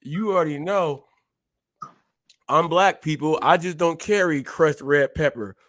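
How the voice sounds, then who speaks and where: A man's voice: fairly high pitch, measured pace, a bit bright, dry recording, clean studio sound. A man hosting a casual live stream, talking to his viewers in a preachy way and calling them "people" again and again. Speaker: show host.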